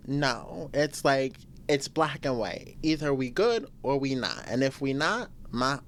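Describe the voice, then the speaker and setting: Blunt, lively woman podcast host venting. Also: low-pitched, slight background noise. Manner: blunt, profane, emphatic storytelling. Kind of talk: casual solo podcast venting.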